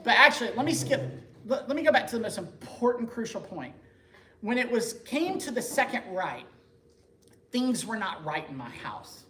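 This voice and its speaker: A man telling his conversion story to a parish group in a lively, joking, conversational way. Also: high voice, normal speed. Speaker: speaker giving a conversion testimony. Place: church meeting room. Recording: echoey room, faint background noise.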